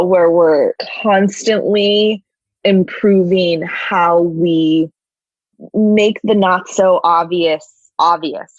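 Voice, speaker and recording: A woman's voice: on the low side, no room sound, lo-fi sound. A woman being interviewed as a guest, talking in a chatty way, full of "like" and "you know". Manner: animated, heavy "like" and "you know" fillers. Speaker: podcast guest, people and culture officer. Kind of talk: casual interview talk.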